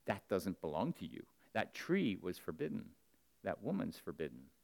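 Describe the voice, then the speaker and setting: A man preaching a sermon to the men in his congregation, earnest and direct, swinging between loud emphatic bursts and low, close asides. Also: sing-song, normal speed, creaky.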